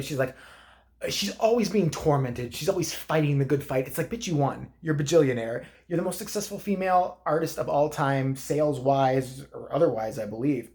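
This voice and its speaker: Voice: mid-range voice, darkish tone, natural voice. Someone playing a foul-mouthed rambling granny. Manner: crude, rambling, profane. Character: crude, opinionated old grandmother. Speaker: comedy vlog character. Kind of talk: comedic rant.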